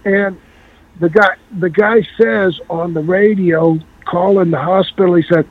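A man telling a long story in a casual, animated way and acting out the voices of the people in it. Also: high-pitched, normal speed, dry recording. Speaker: guest. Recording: tinny phone-like line.

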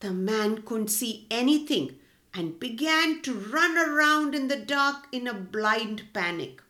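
A woman's voice: fairly high pitch, animated, slow pace, bright, forceful tone. A woman narrating a children's storybook expressively, speaking to the children directly. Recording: echoey room.

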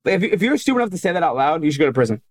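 Fast-talking crude podcast co-host. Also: male voice, fairly high pitch, sing-song, no room sound. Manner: crude, provocative joking. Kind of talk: casual sports podcast chat.

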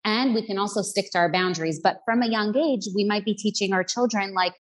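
A woman's voice: mid-range voice, a little fast, rough recording. A woman parenting coach speaking as a podcast guest, explaining patiently and acting out what parents say to children. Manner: explanatory, acts out parents' phrases. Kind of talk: casual podcast conversation.

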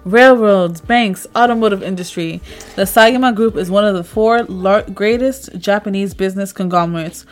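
A woman's voice: medium pitch, moderate pace, soft background music. Young woman reading a comic aloud; casual, loose, trips on names. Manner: stumbles over names, laughs it off. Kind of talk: casual read-aloud with chat.

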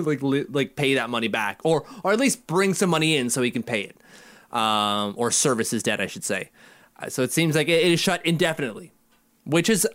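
A man's voice: medium pitch, fairly bright tone, no room sound. A man co-hosting a casual chat, joking and putting on mocking voices. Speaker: podcast co-host.

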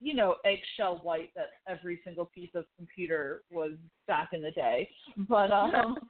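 A woman co-hosting a casual chat about a TV show, excitable and swearing as she retells scenes. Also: lowish voice, moderate pace. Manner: excitable, swearing, laughing asides. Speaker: podcast co-host. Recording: tinny phone-like line.

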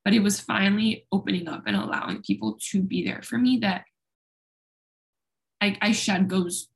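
A woman's voice: mid-range voice, expressive, normal speed, vocal fry. A young woman speaking openly and at length as an interview guest, talkative and self-deprecating. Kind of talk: candid personal conversation.

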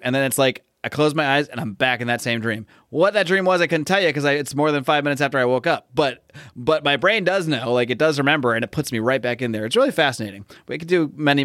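Smooth-voiced man chatting casually. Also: mid-range voice, fast talker, a bit bright, no echo, clean studio sound. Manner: rambling, many fillers and restarts, reads out dialogue. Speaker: podcast co-host discussing comics. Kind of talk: casual chat recapping a comic.

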